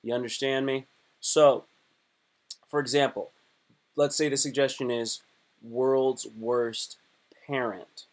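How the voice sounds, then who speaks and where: A man's voice: mid-range voice, takes it slowly, long pauses. A young adult man, a comedian, talking casually and animatedly on a livestream with lots of restarts. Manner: chatty, animated, rambling with restarts. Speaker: comedian and live streamer.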